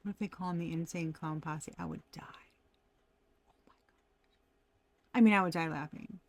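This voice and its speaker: A woman's voice: low voice, steady tone, fast talker, no echo. A woman giving a casual tarot reading, talking animatedly, laughing often and swearing freely. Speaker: tarot reader.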